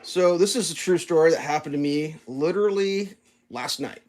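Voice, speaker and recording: Man, fairly high voice, casual breakfast chat, rambling story, gets animated, recorded at home. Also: moderate pace. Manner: rambling, animated when excited, playful silly voices. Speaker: vlogger.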